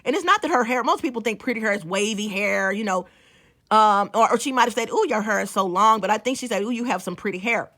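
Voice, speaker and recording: Bright-voiced chatty woman telling a story. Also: medium pitch, fast. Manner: chatty, repeats and restarts, talks straight to viewers. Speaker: small-business owner and vlogger. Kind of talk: casual storytelling vlog.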